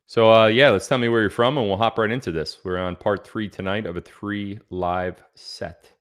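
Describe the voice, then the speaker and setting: A man's voice: on the low side, steady tone, moderate pace, clean tone. A man hosting a casual livestream, rambling and joking as he reads out where viewers are from. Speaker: livestream host.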